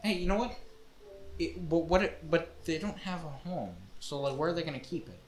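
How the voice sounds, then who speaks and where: A man's voice: on the high side, moderate pace. A young man co-hosting a student podcast, joking and telling stories in casual chat. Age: young adult. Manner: joking, animated storyteller. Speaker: podcast co-host, engineering student.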